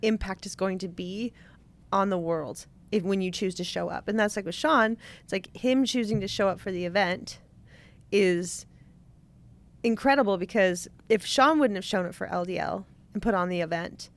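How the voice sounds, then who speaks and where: A woman's voice: medium pitch, moderate pace. Earnest woman co-hosting a podcast. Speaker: podcast co-host. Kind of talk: casual chat.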